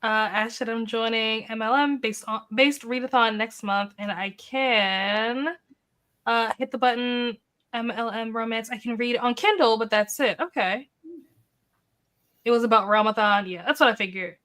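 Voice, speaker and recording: A woman co-hosting a casual livestream over a video call, reading viewer comments aloud in a relaxed way. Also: on the high side, moderate pace. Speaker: co-host reading chat comments.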